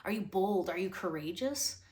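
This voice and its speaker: A woman's voice: fairly low pitch, animated, normal speed, a little mellow. A woman hosting a motivational talk, earnest and coaching, firing off rhetorical questions at the listener. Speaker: motivational host.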